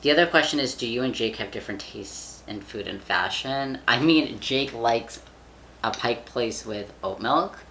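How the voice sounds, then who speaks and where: A young man chatting casually to camera, with a gravelly, fry-edged voice that still sounds bright and forward. He rambles, leans on fillers and swears offhandedly. There's a faint hiss underneath. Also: medium pitch, moderate pace. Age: young adult. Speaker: vlogger. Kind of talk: casual chat.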